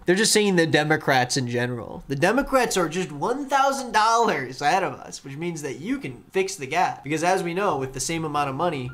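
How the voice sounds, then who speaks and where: A man's voice: on the high side, fairly bright tone. A young man doing comedic commentary, reading out texts and mocking them with sarcastic, rambling asides. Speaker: youtuber.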